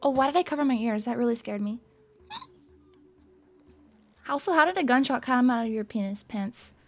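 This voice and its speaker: A young woman livestreamer chatting casually with viewers, playful and excitable, swearing and breaking into loud screams and laughs. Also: fairly high pitch, normal speed, soft background music. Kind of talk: casual chat to stream viewers.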